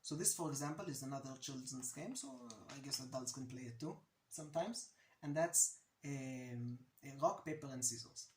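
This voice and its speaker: A man's voice: mid-range voice, moderate pace, a little hiss or hum. Chatty Israeli man in an echoey room. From Jerusalem, Israel. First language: Hebrew. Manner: chatty, anecdotal, laughs at own stories. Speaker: language teacher. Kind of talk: casual language lesson.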